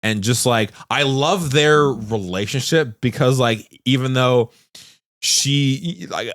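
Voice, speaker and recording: Man, podcast co-host, casual chat, filler-heavy, swears freely, medium pitch. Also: takes it slowly, fairly bright tone. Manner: loose, swearing, retells scenes with lots of fillers.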